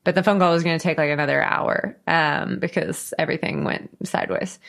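A woman's voice: deep voice, steady tone, a little fast, gravelly, fairly bright tone. A woman co-hosting a casual podcast with her brother, chatty and laughing often. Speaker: podcast co-host. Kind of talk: casual chat.

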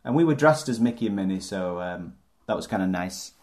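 A man with a very low, deep voice co-hosts a podcast. He talks casually, trailing off and restarting often, and slips in dry jokes. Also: expressive, brisk, a little mellow. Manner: hesitant, rambling, dry jokes. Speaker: podcast co-host. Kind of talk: casual chat.

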